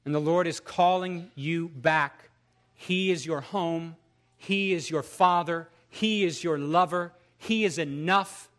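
A man's voice: a little high, slow pace, a bit bright. A man praying aloud and exhorting a church congregation in a fervent, declarative way. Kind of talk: spoken prayer and exhortation.

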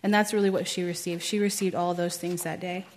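A young woman telling a personal testimony in a chatty way, full of "like" and quick laughs at herself. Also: fairly low pitch, flat delivery. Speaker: speaker at a church teaching.

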